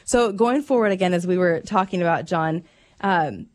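Radio host woman, chatty and animated. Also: fairly low pitch, normal speed. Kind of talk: call-in radio chat.

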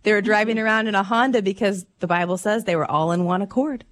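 A woman hosting a call-in radio show, chatting with callers and telling animated stories. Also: mid-range voice, fast.

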